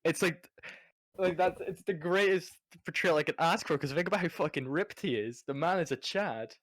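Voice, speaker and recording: A man's voice: fairly high pitch, normal speed, fairly bright tone, no echo. A Scottish man chatting casually on a podcast, swearing and stammering through restarts. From Scotland. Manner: rambling, profane, stammering restarts. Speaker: podcast panelist.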